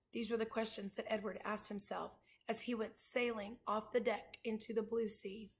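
A woman reading a children's chapter book aloud, pausing to show pictures to her listeners. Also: mid-range voice, little pitch movement. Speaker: reader.

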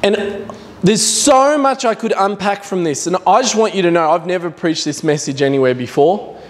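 A man's voice: sits high, moderate pace. A man preaching a sermon as a visiting preacher, earnest and emphatic, repeating his points. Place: church. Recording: echoey church hall.

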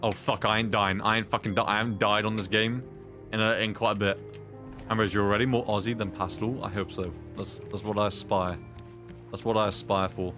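Over music, a lowish, fairly quick voice with little pitch movement belongs to a young British man streaming a survival game. Chatting casually, he reads viewers' messages aloud, swears often and reacts out loud to the game.

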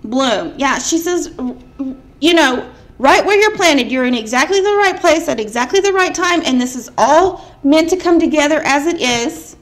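Looking directly into the camera, a tarot reader with a high, expressive voice does a casual spiritual card reading at a moderate pace. She's chatty and emphatic and fills her speech with "like."

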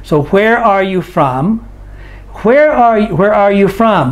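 Slow-drilling man teaching English. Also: high voice, animated. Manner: slow, repeats phrases for students to echo. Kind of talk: language lesson drilling.

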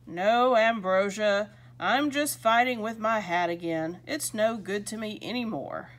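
A woman's voice: mid-range voice, measured pace, close to an everyday voice. Woman reading as a fretful old uncle. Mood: cheerful. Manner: talks to himself, fretful back-and-forth. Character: grumbling old man, fussing at his hat.

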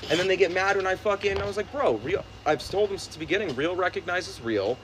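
A young man chats with friends, his voice sitting a little higher than most. He tells stories in a loose, profane way, full of energy. A faint hiss of noise runs under the talk. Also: fast talker, low-quality recording. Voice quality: profane, animated storytelling. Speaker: streamer. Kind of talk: casual chat among friends.

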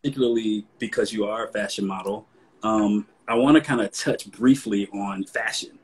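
A man from the American South hosts a relaxed sit-down conversation. His voice is fairly low and a little husky, with a soft Southern accent. He sounds chatty and easygoing, and he livens up whenever he quotes himself. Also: moderate pace, poor audio. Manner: relaxed, conversational, animated when quoting himself. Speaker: host. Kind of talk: casual interview.

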